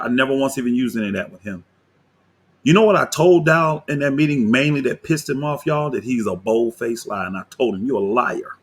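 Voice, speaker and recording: A man, a pastor, giving heated reaction commentary on a video, indignant and combative, often rising into loud outbursts. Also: medium pitch, slightly rough.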